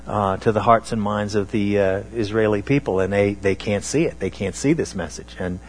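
A man preaching a sermon on scripture, talking in a halting way with many fillers and restarts. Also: fairly low pitch.

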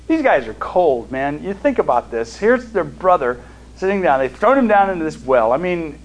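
A man teaching a Bible study in a conversational way. He reads scripture aloud and pauses to explain it, with fillers and restarts. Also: high-pitched, low-quality recording. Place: seated, studying notes.

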